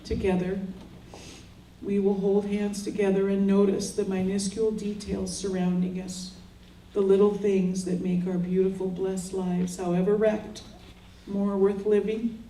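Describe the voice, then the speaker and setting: A woman's voice: medium pitch, flat delivery, unhurried, dark tone, slight background noise. An older woman, a grieving mother, speaking earnest and prayerful words at a memorial in short solemn phrases. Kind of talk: slow heartfelt memorial speech. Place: memorial gathering. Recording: roomy sound from far off.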